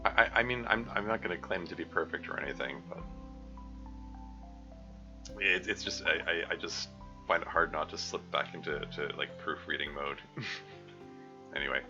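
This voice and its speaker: A man with a low voice reads a visual novel aloud on a live stream, speaking at normal speed with long pauses over music, the high frequencies cut off. His let's-play narration and commentary is chatty and digressive, full of side remarks and self-corrections.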